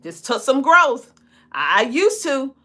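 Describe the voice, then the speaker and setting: A woman in her forties with a broad Southern US twang, chatting casually to a livestream audience. Her voice is bright and forward, and her words stretch and wander the way a country drawl does. She laughs easily between her points. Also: high voice, sing-song, slow. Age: 40s. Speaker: podcast host and coach. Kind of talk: casual livestream talk to viewers.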